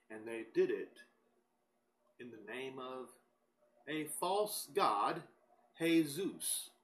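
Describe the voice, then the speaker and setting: A man giving a recorded Bible teaching, speaking deliberately and with emphasis, and reading scripture aloud. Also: medium pitch, fairly bright tone, poor audio. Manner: slow, deliberate and emphatic, pausing between phrases.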